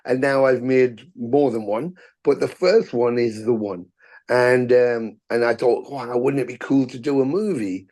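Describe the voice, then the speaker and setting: A middle-aged man, a podcast guest telling stories in a casual, animated way, swearing freely and acting out quotes. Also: mid-range voice, measured pace. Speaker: podcast guest, musician and actor. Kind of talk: casual storytelling interview.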